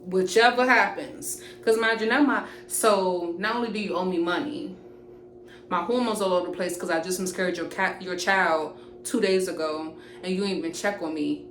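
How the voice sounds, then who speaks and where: A young woman, casually telling an animated, profane storytime to camera. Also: fairly low pitch, normal speed. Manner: animated, profane, jumps into quoted voices. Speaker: storytime vlogger. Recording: roomy echoey room with faint hiss.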